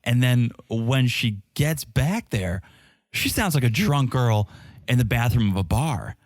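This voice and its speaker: A man's voice: medium pitch, expressive, a little slow, dry recording, studio quality. A man co-hosting a podcast in casual chat, telling stories animatedly and acting out the quotes. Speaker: podcast co-host. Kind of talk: casual chat recapping a reality show.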